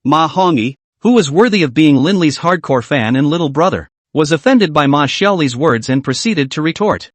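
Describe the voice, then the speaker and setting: A man's voice: a little high, lively intonation, normal speed, few pauses, no echo. A man narrating a story recap in a scripted storytelling delivery.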